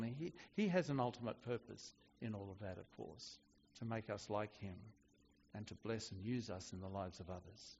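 A man's voice: medium pitch, long reverb tail, dull audio. A man preaching a sermon in a conversational way, often restarting his sentences. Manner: conversational with frequent restarts and fillers.

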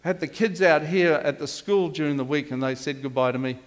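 An older male pastor delivers a sermon, his voice pitched notably high for a man. He rambles, drifts into side stories and trips over restarts. The sound rings with long reverb in the church hall. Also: brisk. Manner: rambling, digressive, with frequent restarts.

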